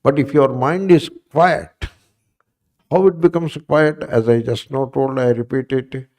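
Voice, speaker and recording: A man's voice: mid-range voice, measured pace, a little mellow. A man giving a spiritual class lecture as a Vedanta teacher, repeating points and checking in with his listeners. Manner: repetitive, asks the listeners questions.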